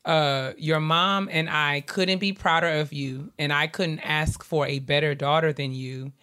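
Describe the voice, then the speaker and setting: A woman co-hosting a podcast, calmly laying out background details in casual chat. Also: sits low. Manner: measured, reads out details. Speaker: podcast co-host. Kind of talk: casual chat, recounting news.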